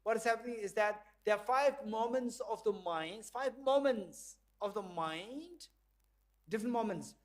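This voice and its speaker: A man with a high voice gives a lecture in a slow, unhurried way. He leads the group through an exercise, playfully acting out small dialogues and laughing along the way. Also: expressive. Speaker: visiting professor lecturing. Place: lecture hall.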